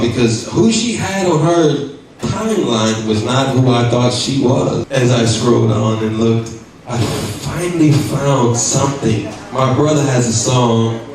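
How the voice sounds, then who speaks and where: A man hosting a podcast, telling his wife a story in a slow, drawn-out, joking way. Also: medium pitch. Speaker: podcast host. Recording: very echoey from far off, crowd noise.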